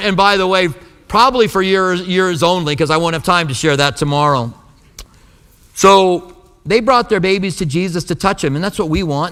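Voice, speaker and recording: A pastor delivers a sermon in a church sanctuary, his voice pitched on the high side with a fairly bright tone. He tells stories conversationally and acts out the dialogue, and the recording carries a long hall reverb.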